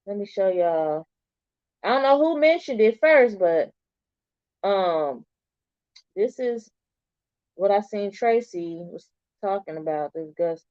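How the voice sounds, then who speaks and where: A woman's voice: mid-range voice, slow, long pauses, clear, resonant tone, dry recording. A middle-aged woman chatting casually with viewers on a livestream and answering their comments. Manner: chatty, animated, talks back to viewers' comments. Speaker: livestream host. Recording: dull, slightly lo-fi stream audio.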